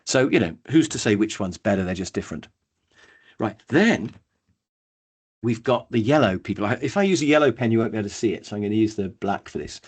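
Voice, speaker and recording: A man, running a live online training workshop, chatty and lively, calling on attendees by name. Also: on the low side, fairly quick, husky. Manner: lively, chatty, acts out brief voices, addresses attendees by name.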